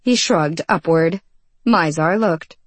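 A woman reading a fantasy novel aloud in measured, even storytelling. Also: on the low side, husky. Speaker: narrator. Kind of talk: scripted audiobook narration.

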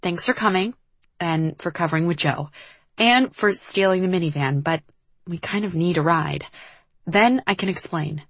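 A woman's voice: on the low side, normal speed, husky, dry recording. A woman voicing a young woman, a former runaway, speaking hesitantly and carefully. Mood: guarded.

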